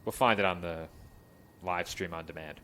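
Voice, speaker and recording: A man calling play-by-play for a college baseball game, chatty between pitches and lifting his voice for the action. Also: normal speed, fairly bright tone, a little hiss or hum. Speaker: play-by-play announcer.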